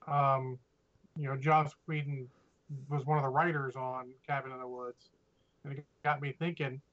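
A man's voice: medium pitch, flat delivery, normal speed, a bit bright. A man co-hosting a casual podcast chat, opinionated and profane, rambling through his takes. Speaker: podcast co-host. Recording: dull lo-fi audio.

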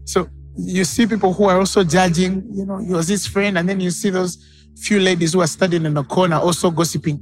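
A man's voice: high-pitched, steady tone, brisk. A man preaching a sermon as pastor, acting out the people in his stories. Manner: dramatic, acts out quoted voices.

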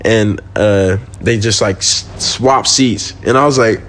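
A man's voice: fairly low pitch, a little slow, fairly bright tone. Slangy young man telling a story. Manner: slangy, swearing, laughs while telling stories. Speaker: podcast guest. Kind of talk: casual storytelling.

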